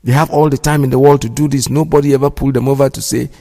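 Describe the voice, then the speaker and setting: A man's voice: mid-range voice, steady tone, quick pace, gravelly, mellow. A man hosting a radio show, giving indignant, preachy commentary and repeating himself for emphasis. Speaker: radio host. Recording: long hall reverb.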